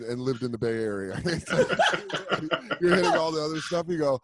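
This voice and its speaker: Animated, joking man on a call. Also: fairly high pitch, normal speed, very noisy. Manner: joking storyteller, animated impressions. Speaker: guest. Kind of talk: casual video-call chat.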